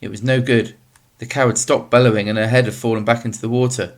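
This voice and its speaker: A man reading a novel aloud as narrator, in a steady, measured way. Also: medium pitch. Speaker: audiobook narrator.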